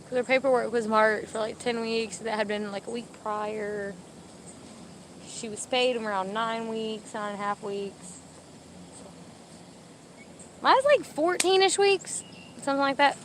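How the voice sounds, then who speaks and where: Her voice on the high side, a young pregnant woman speaks unhurriedly with long pauses, and a little hiss or hum runs under the recording. This vlogger with service dogs is at an outdoor dog park, chatting casually to a live stream and giving her dogs commands while a bit out of breath in the heat.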